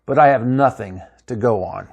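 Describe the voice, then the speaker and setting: Man reading a cool logical science officer, measured, cautious. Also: medium pitch, gravelly, breathy edge. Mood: calm.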